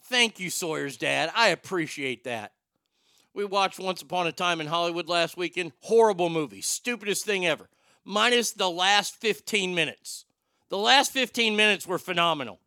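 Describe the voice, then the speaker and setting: A man hosts a talk show with loose, joking, irreverent banter. His voice is gravelly and bright, with a crisp, clean tone. The sound is dry and close. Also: sits high, expressive, normal speed, dry recording. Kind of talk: casual comedic banter.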